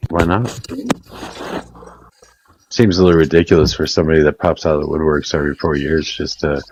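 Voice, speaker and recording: A man's voice: very deep voice, fairly even intonation, a little fast, a little mellow, lo-fi sound, a little hiss or hum. A man hosting a voice chat, asking callers blunt questions with a sarcastic edge. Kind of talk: casual debate.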